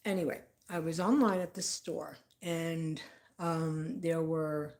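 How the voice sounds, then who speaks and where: A woman's voice: deep voice, fairly even intonation, slow pace, a little mellow. A woman telling a story in a rambling, tangential, indignant way. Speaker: vlogger. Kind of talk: casual storytelling.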